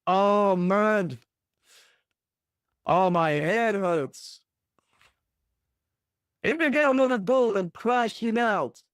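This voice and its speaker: A man with a high voice hosts a fan watchalong, reacting to the match as it happens. He talks slowly, drawing out his groans and exclamations. The sound is dry and close. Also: animated, clean tone, no echo. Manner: emotional, groaning and exclaiming with each moment. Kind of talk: live match reaction commentary.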